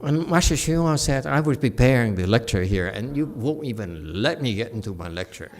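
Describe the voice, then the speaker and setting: With a mid-range voice at normal speed, he leads a conversational Buddhist lecture in a temple hall. He's animated and often chuckles as he speaks directly to his listeners.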